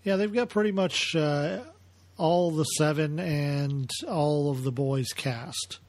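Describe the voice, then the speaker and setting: Deadpan joker, dry close mic. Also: male voice, on the high side, slow, no room sound. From United States. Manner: crude, deadpan jokes. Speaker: podcast co-host. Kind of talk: casual chat about comics.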